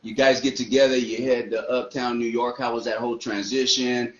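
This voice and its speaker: A man's voice: mid-range voice, level tone, fairly quick. Easygoing male radio host, roomy sound. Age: middle-aged. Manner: easygoing, chatty, laughs along. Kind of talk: casual interview. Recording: roomy, slightly dull, faint background hiss.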